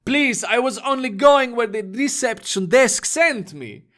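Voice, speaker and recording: A frightened young student, tearful and pleading in halting, broken English, his voice high and strained, as a man puts him on. He sounds desperate to be believed. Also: fairly bright tone.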